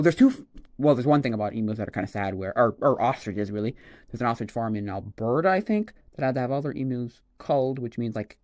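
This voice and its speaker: A man on a casual livestream, rambling and exclaiming excitedly as he opens trading cards. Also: medium pitch. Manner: excitable, rambling, exclaims over each card. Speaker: streamer opening a card pack.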